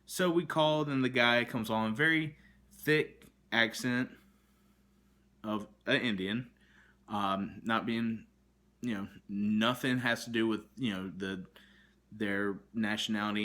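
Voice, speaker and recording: A man's voice: medium pitch, unhurried, a bit bright. Exasperated man ranting to camera. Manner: frustrated, exasperated storytelling with many fillers and restarts. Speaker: vlogger. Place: kitchen at home, indoors.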